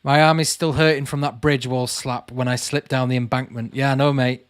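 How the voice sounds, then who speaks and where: A man's voice: medium pitch, little pitch movement, a little fast, smooth, no room sound, clean studio sound. Chatty man on a livestream. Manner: chatty, calls viewers mate, reads comments aloud. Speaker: channel host answering live chat. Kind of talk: casual livestream chat.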